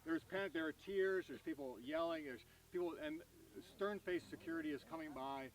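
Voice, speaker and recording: Man telling a lively story from afar. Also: on the high side, a little fast. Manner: animated anecdote, acting out voices. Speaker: speaker giving a tribute. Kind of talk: storytelling at an outdoor gathering. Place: outdoors at a hill gathering. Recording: voice from far off the mic.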